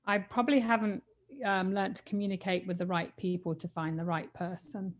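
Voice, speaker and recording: A woman's voice: medium pitch, flat delivery, a little fast, dull audio. A woman with an English accent, a participant on an online call, answering hesitantly and candidly. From England. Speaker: caller on the training call.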